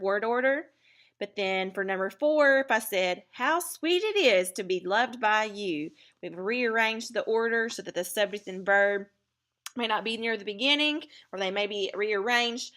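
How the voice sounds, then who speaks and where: Bright-voiced woman teaching a lesson. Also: medium pitch. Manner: clear, deliberate explaining with fillers. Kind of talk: recorded writing lesson.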